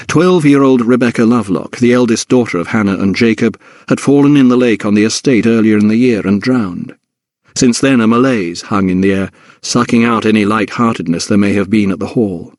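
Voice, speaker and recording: Male narrator, low-ish voice, dry close studio read, measured pacing. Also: no room sound. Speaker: audiobook narrator. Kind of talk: scripted narration.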